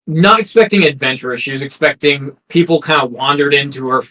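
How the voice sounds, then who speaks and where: A man's voice: mid-range voice, a little fast, bright, forceful tone, low-quality recording. A man narrating a tabletop game as game master, hesitant and full of ums and restarts.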